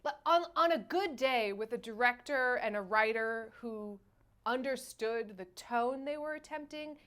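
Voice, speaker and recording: High pitched woman host, animated and exasperated, casual film chat. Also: a little slow. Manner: animated, exasperated, restarts and trails off. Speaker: podcast host, film reviewer.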